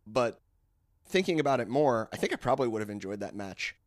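A man co-hosting a podcast in casual chat, rambling excitedly and restarting his thoughts. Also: mid-range voice, a little fast, dry recording, clean studio sound.

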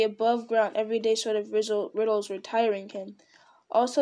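A woman reading a children's story aloud in a measured, gently expressive way. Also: a little high. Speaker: narrator.

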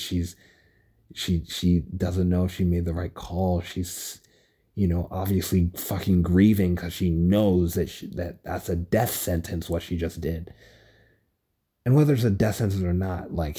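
A young man alone at home, recording a casual solo rant on his phone, rambling excitedly and swearing often. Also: deep voice, husky. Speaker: podcast host. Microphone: phone recording app.

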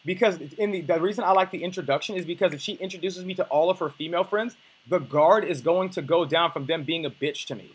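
A man's voice: on the high side, fast talker, hardly any pauses, breathy edge. A young man coaching on dating, talking bluntly and casually, with profanity and many restarts.

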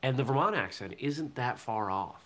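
Bright-voiced man hosting a morning chat. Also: medium pitch, moderate pace. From southern Maine, US. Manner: relaxed, chatty, reads viewer comments aloud. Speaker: host of a morning live show. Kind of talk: casual live-stream chat.

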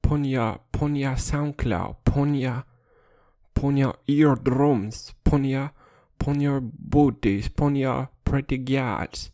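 A man doing a deliberately bad put-on Jamaican accent as a boastful rapper, in a sing-song, clipped patois cadence. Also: medium pitch, fairly even intonation, warm tone. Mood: hyped. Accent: Jamaican, put on and exaggerated. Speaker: podcast host.

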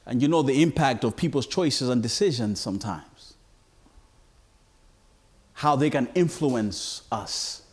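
A man preaching a sermon to a congregation, his voice dropping low and quiet, then rising high and loud, with stammered repeats. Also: a little slow, long pauses, breathy edge.

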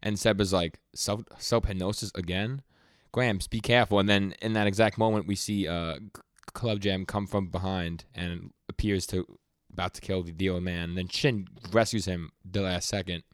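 In a laid-back manga recap on the podcast he co-hosts, a young man acts out scenes through rapid-fire quoted dialogue, stumbling and stammering a lot. His voice is low and his tone steady, recorded dry in studio quality.

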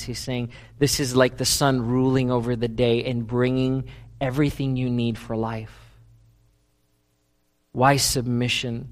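A middle-aged man preaching a sermon, swinging between loud emphatic lines and low, quiet stretches. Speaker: pastor.

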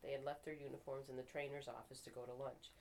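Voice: mid-range voice, flat delivery, fast, rough recording. A writing group member reading their own fiction aloud and stopping now and then to fix slips. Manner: reads steadily, stops to fix slips and apologizes.

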